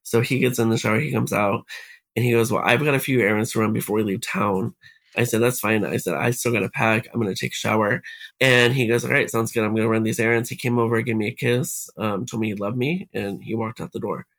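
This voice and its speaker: A man's voice: on the low side, fairly even intonation, quick pace, a bit bright. A man, a podcast guest, telling a personal story step by step and quoting each exchange.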